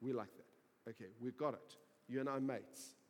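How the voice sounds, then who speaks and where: A man's voice: mid-range voice, normal speed, pitched below the performer's own voice, lightly acted. A man voicing an eager disciple who insists on his loyalty in a chummy way. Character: eager, boastful fisherman disciple, grown man. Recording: reverberant hall.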